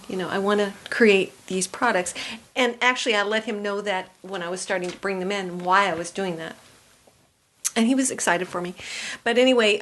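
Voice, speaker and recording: A woman guest on a podcast, telling her story in a casual chat with lots of agreeing mm-hmms. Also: medium pitch. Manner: warm storytelling, frequent backchannel mm-hmms. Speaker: podcast guest, food business owner.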